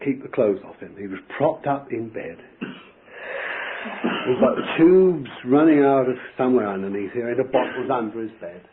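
A man preaching a sermon, telling a story with animated fervor and bursts of shouting. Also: medium pitch, moderate pace, a little hiss or hum. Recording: tinny phone-like old tape.

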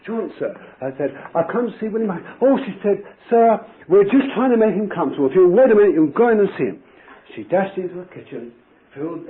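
A man preaching a sermon, telling a story with animated fervor and bursts of shouting. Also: medium pitch, slight background noise. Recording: tinny phone-like old tape.

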